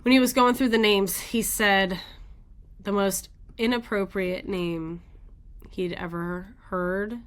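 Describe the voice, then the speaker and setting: A woman's voice: mid-range voice, steady tone, slow. A woman hosting a daily weather radar show, thinking aloud in casual, rambling commentary as she looks at the maps.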